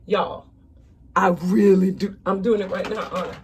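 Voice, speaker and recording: A woman's voice: lowish voice, normal speed, slight background noise. A woman in her thirties chatting casually to viewers while she walks through a makeup tutorial at home. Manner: chatty, talks straight to viewers as "y'all". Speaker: makeup vlogger.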